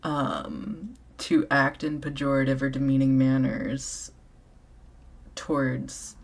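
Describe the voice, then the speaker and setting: A speaker with a gravelly, creaky voice talks casually and earnestly, thinking things through aloud. The delivery is reflective and unhurried, with a mid-range pitch. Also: little pitch movement.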